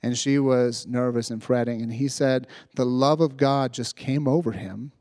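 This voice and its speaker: A man preaching to young people, retelling a story with lively asides and checking in with "right?" as he goes. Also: medium pitch, moderate pace, no room sound, clean studio sound. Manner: animated retelling, acting out voices, frequent "right?". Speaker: youth preacher. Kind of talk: storytelling sermon.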